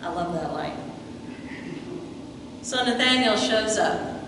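A woman's voice: mid-range voice, expressive, slow, noisy background. A woman preaching a sermon, retelling scripture and acting out the quoted lines as she goes. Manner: storytelling, acts out quoted lines. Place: church sanctuary. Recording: echoey hall from far off.

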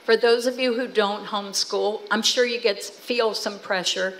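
A woman's voice: mid-range voice, normal speed, poor audio. Woman telling family stories with animation. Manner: animated storytelling, acting out quoted family talk. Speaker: guest speaker. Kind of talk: storytelling talk to a church audience. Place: church hall with audience.

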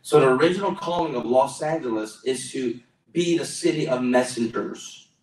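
A man's voice: mid-range voice, moderate pace, a little mellow. A male pastor preaching a sermon in a church hall, exclamatory and calling for responses from the congregation. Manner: exclamatory, calls for audience responses. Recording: roomy echo, mic at a distance.

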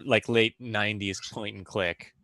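A man's voice: fairly low pitch, steady tone, a little slow, a crowd in the background. A man playing a tabletop game, chatting casually with many fillers. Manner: casual, filler-heavy chat. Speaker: player.

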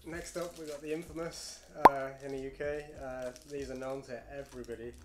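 A man's voice: medium pitch, flat delivery, fairly quick. Casting: young British guy, laid-back dry co-host, echoey room with noise behind. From United Kingdom. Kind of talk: casual snack taste-test chat.

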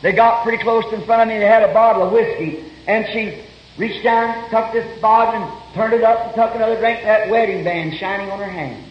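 A man preaching a fervent sermon, telling stories earnestly and breaking into shouts now and then. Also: high-pitched, fairly even intonation, a little fast. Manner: earnest storytelling, bursts of shouting. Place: church meeting hall. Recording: roomy lo-fi 1961 sermon tape.

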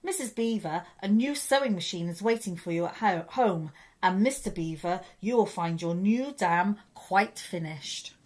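Woman reading as a big jolly old Father Christmas, slow and booming, storybook voice. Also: animated, darkish tone, lightly acted. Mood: jovial.

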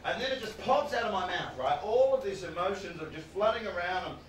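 A man's voice: high-pitched, animated, brisk. A male stand-up comedian telling a story on stage, swearing and laughing as he talks. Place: live comedy venue with audience. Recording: roomy venue, distant mic, audience noise.

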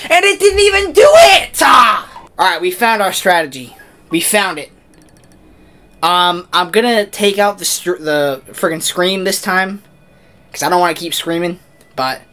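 A young man playing a motion-controlled bowling game and commenting at his desk at home, excitable and often breaking into screams and shouts. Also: sits high, a little hiss or hum. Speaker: gaming video creator. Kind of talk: excitable let's-play commentary. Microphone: desk mic, camera off.

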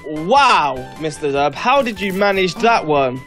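A woman's voice: on the low side, sing-song, measured pace, fairly bright tone, soft background music. A woman, co-hosting casual gameplay commentary, self-mocking and cheering or groaning at her mistakes. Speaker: gaming channel co-host.

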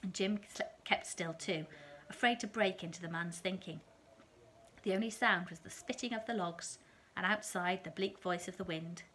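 Calm woman with a lowish voice reading a story aloud to children. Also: moderate pace, a little hiss or hum.

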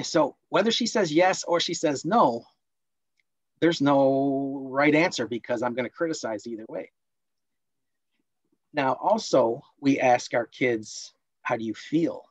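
A man presenting a parenting workshop online, explaining points and acting out scolding parents in quick role-plays. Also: medium pitch, no room sound, rough recording.

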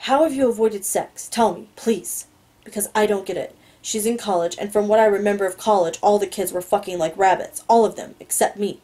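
An intense, controlling young man growls out his words with barely reined-in exasperation, as a woman reads him aloud. The voice has a mellow, warm tone in an audiobook reading. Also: mid-range voice, a little fast, close to an everyday voice. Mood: incredulous.

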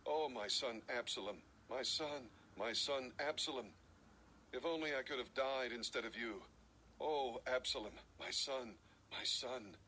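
A man's voice: medium pitch, measured pace, bright, forceful tone, slight background noise. A man reading as a grieving old king. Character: grieving old king, mourning his son.

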